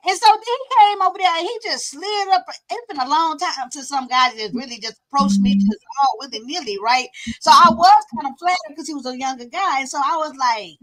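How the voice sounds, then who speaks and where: Woman host, very high voice, animated and teasing storytelling chat. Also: a little fast, few pauses, poor audio. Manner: animated, teasing, quotes people in lowered voice. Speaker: channel host.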